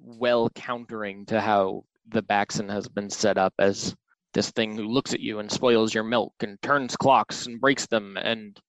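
A man's voice: fairly low pitch, fairly even intonation, unhurried, dry recording, low-quality recording. A man in casual chat, speaking animatedly and acting out little quotes.

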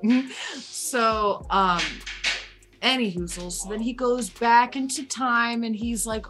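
A woman's voice: on the high side, steady tone, takes it slowly. A woman hosting a casual chat, retelling a story in a rambling, playful way with lots of swearing.

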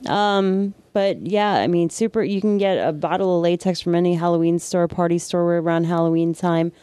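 This is a New Jersey-accented makeup effects artist in relaxed shop talk. The voice is mellow and warm at a middling pitch, with frequent ums between thoughts. It is recorded close and dry. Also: moderate pace, clear, resonant tone, no echo. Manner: chatty, many filler ums.

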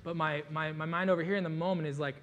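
Lively, joking man preaching. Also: fairly high pitch, fast talker, highs cut off. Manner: casual, joking, animated storytelling with many "like" fillers. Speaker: pastor. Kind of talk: sermon.

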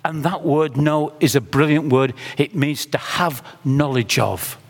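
Middle-aged guy preaching slow and deliberate, gets fired up, big echoey hall. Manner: impassioned, builds to high-pitched emphatic runs. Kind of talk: sermon.

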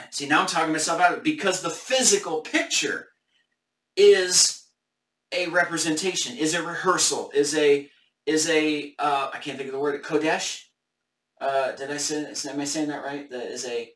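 A man's voice: a little high, a bit bright, echoey room, distant mic. A man hosting a casual Bible study discussion live on camera, thinking aloud with hesitant restarts.

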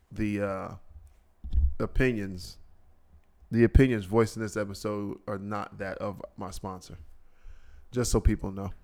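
Profane man ranting on his podcast. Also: medium pitch. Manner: profane, exasperated ranting with mocking impressions. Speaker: podcast host. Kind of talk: solo podcast rant.

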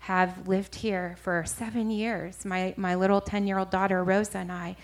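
A woman's voice: mid-range voice, little pitch movement, normal speed, natural voice. Woman voicing a tearful motel supervisor. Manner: pleading, choked with emotion. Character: tearful middle-aged female motel supervisor.

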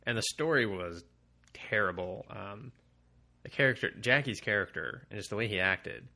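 Bright gravelly man, blunt profane rant. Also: fairly low pitch, normal speed. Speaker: podcast co-host. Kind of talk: casual chat.

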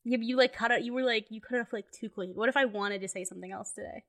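A young adult woman co-hosting a podcast, chatting casually with playful, deadpan teasing. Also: on the high side, rapid-fire. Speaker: podcast co-host. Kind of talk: casual chat.

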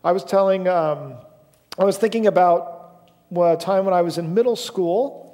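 A man's voice: high voice, normal speed, dark tone, long reverb tail. A young man preaching a sermon in a church, telling a story casually and self-deprecatingly with lots of fillers. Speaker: pastor. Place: church sanctuary.

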